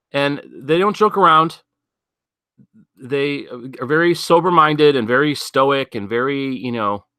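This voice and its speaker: A man hosts a casual news commentary, rambling in a sardonic way and thinking aloud through plenty of ums and asides. His voice is bright and sits at a middling pitch. It is recorded close up and dry, with no room sound. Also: no room sound. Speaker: podcast host.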